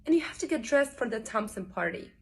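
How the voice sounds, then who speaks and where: A woman acting a monologue as an exasperated wife scolding her husband, reproachful and measured. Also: on the high side, lively intonation, natural voice. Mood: hurt, reproachful.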